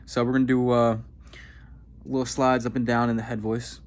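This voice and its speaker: A man giving a vocal warm-up lesson as a voice coach, explaining and demonstrating techniques. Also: mid-range voice, level tone, normal speed. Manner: instructive, demonstrating sounds.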